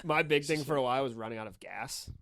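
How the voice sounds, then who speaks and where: A comedian guest in casual podcast chat, telling stories in an animated way, acting out quotes and laughing as he goes. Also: medium pitch, fast talker, no echo. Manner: animated storyteller who acts out quotes, laughs mid-story.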